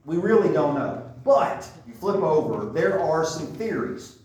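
A man's voice: a little high, big pitch swings, measured pace, darkish tone. A man teaching a Bible class, explaining things in a conversational way and often checking in with his listeners. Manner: conversational, with frequent checks like "okay?" and "right?". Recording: echoey room, distant mic.

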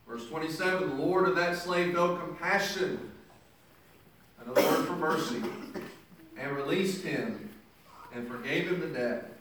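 A man's voice: a little high, a little slow, pauses often, fairly bright tone. A man preaching a sermon, reading scripture verses and then explaining them in his own words with emphasis. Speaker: pastor. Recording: echoey room picked up from a distance.

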